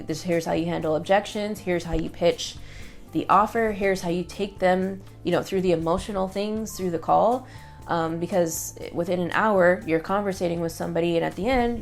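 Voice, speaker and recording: A woman's voice: lowish voice, creaky. A woman talking to camera in a casual vlog, chatty and upbeat, with lots of fillers and quoted asides. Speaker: online business creator.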